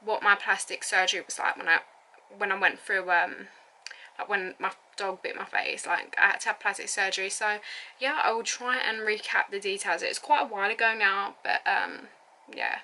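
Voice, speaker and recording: Woman, twenties, bright and chatty, giggly rambling vlog storyteller. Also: mid-range voice, steady tone, moderate pace, low-quality recording. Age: 20s. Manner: rambling, lots of fillers and likes, giggly. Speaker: vlogger. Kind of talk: casual storytelling.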